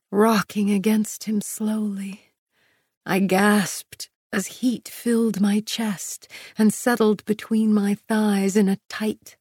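A woman narrating a first-person romance audiobook in a soft, breathy, intimate way, close to the mic. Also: medium pitch, no room sound.

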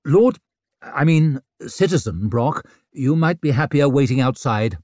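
A calm, tidy surgeon with a matter-of-fact, measured manner, voiced by a male narrator. He sits only a little above the narrator's usual voice. The sound is close and dry. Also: medium pitch, no echo.

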